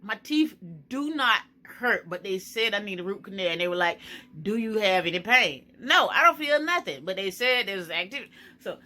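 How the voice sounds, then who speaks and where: Anxious bright-voiced woman vlogging. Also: medium pitch, sing-song, normal speed. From Florida. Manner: anxious, emotional, talks to viewers as girl and y'all. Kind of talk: casual vlog chat to viewers. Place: home kitchen.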